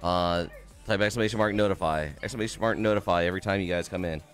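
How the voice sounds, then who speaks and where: Young guy streaming, lowish voice, hyped and chatty, shouting out names, quiet music underneath. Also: steady tone, fast talker. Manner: upbeat, greets chat by name, swears casually. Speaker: game streamer. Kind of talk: casual live-stream chat.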